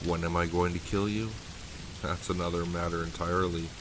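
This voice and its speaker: A man calmly narrating first-person horror in a deliberate, menacing tone. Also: low voice. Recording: hissy older home recording.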